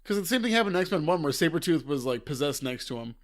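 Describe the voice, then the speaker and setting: A man co-hosting a casual movie discussion, relaxed as he recaps scenes with playful impressions. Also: a little high, fast talker. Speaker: co-host.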